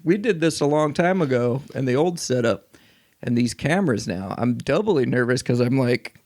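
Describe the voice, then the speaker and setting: A man's voice: mid-range voice, lively intonation, moderate pace, darkish tone. A man from the Chicago area, an actor and improviser guesting on a podcast, chatting casually in a self-deprecating way and laughing often. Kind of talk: casual chat.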